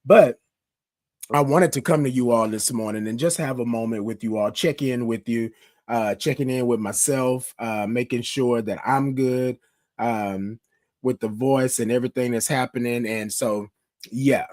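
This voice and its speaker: A man in his fifties, sick with a cold and a cough, hosts a casual morning live stream in a hoarse, rough, scratchy voice. Chatty at a normal speed with a medium pitch and darkish tone, he greets viewers by name and calls them y'all, with no room sound.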